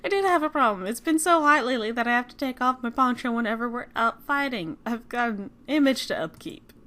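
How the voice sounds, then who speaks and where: A woman's voice: a little high, animated, brisk, bright, forceful tone. A woman reading the lines of a laid-back male cowboy gunslinger in a game, casual and joking. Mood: teasing.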